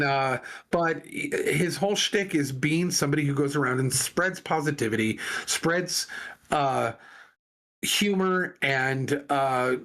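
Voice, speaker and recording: Medium in pitch with a fairly bright tone, a man co-hosting a casual podcast drifts through a lengthy story. He rambles, restarting frequently and filling gaps with fillers.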